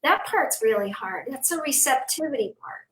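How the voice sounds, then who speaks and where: Woman host, fairly high voice, echoey room, far from the mic. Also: lively intonation, moderate pace. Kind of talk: spiritual talk show chat.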